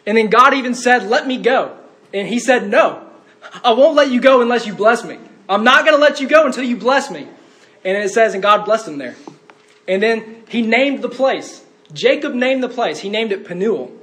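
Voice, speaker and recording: A man's voice: sits high, fairly bright tone. A man preaching a sermon in an earnest way, rising to fervent cries when quoting.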